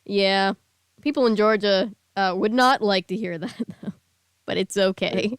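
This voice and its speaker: A woman with a smooth, clear voice chats easily and jokes as a stream co-host. Her voice sounds dry and close, with no room echo. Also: medium pitch, a little slow. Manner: easygoing, joking, laughs often. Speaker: co-host of a book-reading stream. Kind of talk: casual chat.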